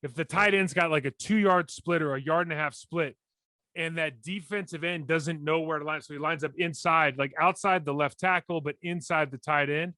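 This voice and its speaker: A man in his forties co-hosting a casual sports podcast, animated and breaking down plays in detail with many restarts. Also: fairly high pitch, moderate pace, no echo. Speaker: podcast co-host, former NFL lineman.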